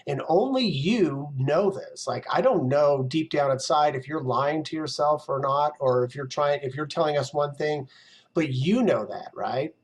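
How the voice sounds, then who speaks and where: A man coaching in a casual, animated motivational talk, now and then acting out his own inner voice. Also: fairly high pitch. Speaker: success mindset coach.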